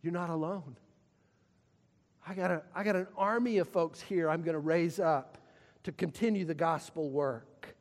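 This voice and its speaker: A man preaching a sermon as pastor, repeating and pausing, swinging from loud calls to hushed lines. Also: on the high side. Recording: long reverb of a church hall.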